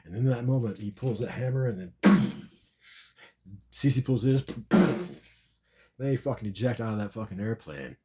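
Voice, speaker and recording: A man's voice: mid-range voice, lively intonation, normal speed, very noisy. A man telling a long, rambling comic story about a dream, repeating and restarting his words often.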